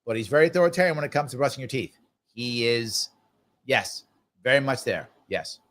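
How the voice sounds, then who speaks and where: A man's voice: medium pitch, animated, a little fast, fairly bright tone. A man hosting a live stream, chatting casually and reading viewer comments aloud, upbeat and repetitive. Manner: chatty, upbeat, repeats himself. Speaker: host.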